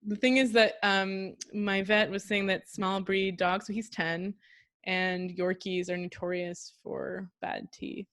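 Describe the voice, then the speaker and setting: A woman guest chatting casually and telling lively anecdotes, acting out her dog's thoughts. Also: medium pitch, slow pace. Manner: lively storyteller who mimics her dog.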